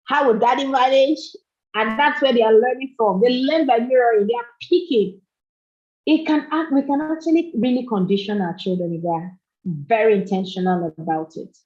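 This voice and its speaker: Slightly high and a little mellow, at a normal speed, this middle-aged woman's voice delivers an earnest motivational talk at a parenting summit. She repeats phrases for emphasis, and the recording is dull and lo-fi.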